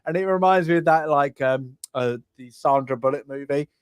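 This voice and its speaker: On a casual film review chat, a male co-host rambles and loudly acts out characters' lines from scenes, bursting into laughter. His voice is on the high side, clear and resonant, at a moderate pace.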